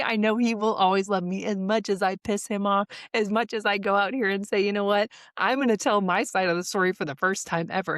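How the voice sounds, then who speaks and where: A woman's voice: medium pitch, no room sound, clean studio sound. A woman in her forties hosting a solo podcast, telling her story candidly and with profanity, laughing often and flaring into heated outbursts. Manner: laughs often while speaking. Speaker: podcast host. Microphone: studio mic.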